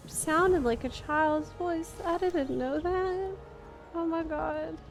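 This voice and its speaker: High-voiced woman streaming a game. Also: takes it slowly, soft background music. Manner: chatty, expressive, easily moved. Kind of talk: casual live-stream chat while playing.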